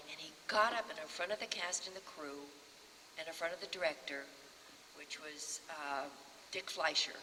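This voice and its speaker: A woman in her sixties, an actress on a panel, lively and acting out other people's lines as she tells a story. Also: lowish voice. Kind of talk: storytelling anecdote. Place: festival panel in a hall. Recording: reverberant hall, faint background hum.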